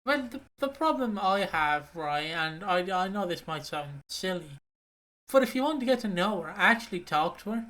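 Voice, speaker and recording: A man's voice: sits high, expressive, moderate pace, sharp tone. A man co-hosting a casual podcast, rambling, swearing and laughing often. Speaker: co-host.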